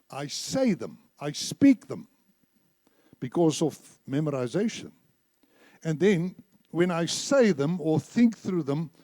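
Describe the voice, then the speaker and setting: A man's voice: on the high side, warm tone, dry recording. A man preaching a sermon in a church, emphatic, repeating phrases and leading the congregation in reciting scripture. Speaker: church speaker.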